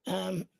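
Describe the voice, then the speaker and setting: A congested woman hosting her live vlog in a casual, chatty way, often pausing with "um" and greeting viewers by name. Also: mid-range voice, vocal fry, dark tone, husky, no room sound. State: congested, nasal stuffiness. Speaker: vlog host, founder of an organization. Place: indoors at home.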